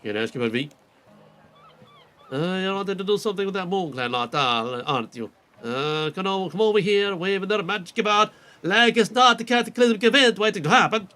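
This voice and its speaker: A man's voice: high-pitched, brisk, sharp tone. A man putting on a repeated accent to voice cheerful villagers in a role-playing game. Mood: hammy. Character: chatty village NPCs in the same put-on accent.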